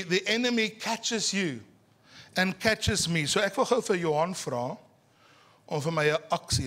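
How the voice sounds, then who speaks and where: Animated South African pastor, high bright voice. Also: male voice. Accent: Afrikaans South African. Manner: animated, teasing, slows words for emphasis. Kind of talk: sermon. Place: church service.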